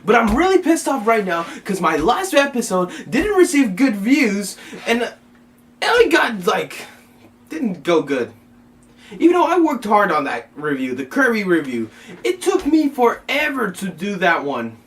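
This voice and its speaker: A man's voice: high voice, big pitch swings, moderate pace, fairly bright tone. A man hosting a comedic skit vlog as an online reviewer, frustrated and rambling, cutting himself off. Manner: frustrated, rambling, self-interrupting. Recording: distant mic, faint background noise.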